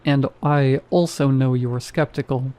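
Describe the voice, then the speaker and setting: An apathetic security guard who sounds like nothing matters to him, as a male narrator puts him on. His delivery stays flat and nearly bored, in a mellow, darker tone, heard in a horror story reading. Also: fairly high pitch, moderate pace, close to an everyday voice.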